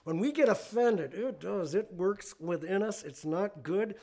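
Man, high voice, pastor, conversational sermon, folksy storytelling, chuckles. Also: expressive, a little slow, warm tone.

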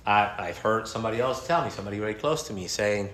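Animated preaching man, bright echoey voice. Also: fairly low pitch, quick pace. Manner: animated, conversational preaching with laughs. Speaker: pastor. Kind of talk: sermon.

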